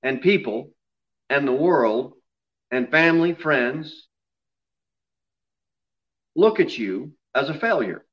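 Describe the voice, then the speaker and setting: A man preaching an expository sermon in a church, dropping low and quiet on solemn lines and rising loud on emphasis. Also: animated, takes it slowly, pauses often, muffled recording. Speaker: pastor. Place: church sanctuary.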